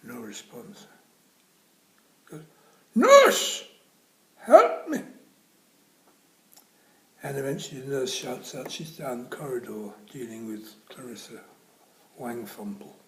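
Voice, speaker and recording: A man's voice: medium pitch, moderate pace, reverberant, rough recording. A man telling comic anecdotes in a dry style, often dropping to a near-whisper. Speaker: comedian. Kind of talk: comic storytelling.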